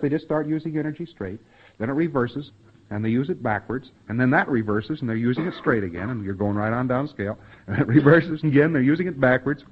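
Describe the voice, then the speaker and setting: A man lectures to a room of trainees in a folksy, conversational way, now and then acting out a quoted line or a sound effect. His voice sits in a middling register. The recording is dull and muffled, with the highs rolled off. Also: slightly rough.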